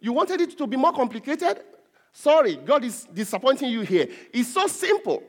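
A man's voice: very high voice, sing-song, moderate pace, soft background music. A male pastor preaching a sermon, emphatic, repeating and stressing key words. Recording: long hall reverb.

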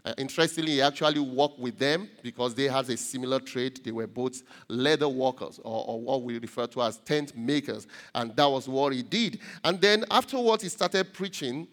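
A man preaching a sermon, halting with many repeated words and rising emphatically on key points. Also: mid-range voice, a bit bright. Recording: long reverb.

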